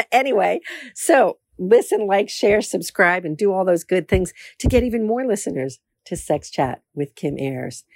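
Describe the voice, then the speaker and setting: A woman's voice: mid-range voice, animated, unhurried, no echo. A woman hosting a casual solo podcast, talking in a candid, self-assured way. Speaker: podcast host.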